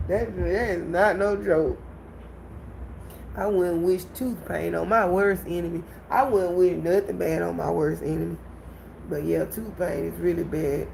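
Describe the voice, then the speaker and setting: A woman hosting a casual livestream, telling a story to her viewers in an animated way and laughing often. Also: lowish voice, vocal fry, a little hiss or hum, poor audio. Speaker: livestream host.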